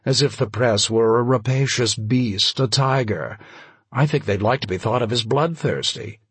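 A man's voice: medium pitch, normal speed, breathy edge, dry recording. A man voicing an affected, sardonic older male novelist with a mid-Atlantic accent and an arch, drawling delivery.

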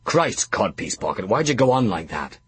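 A man doing a gruff old Welsh knight. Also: fairly low pitch, big pitch swings, normal speed, no echo, heavily acted. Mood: exasperated. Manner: gruff and indignant. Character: gruff old male knight, stubborn and blunt.

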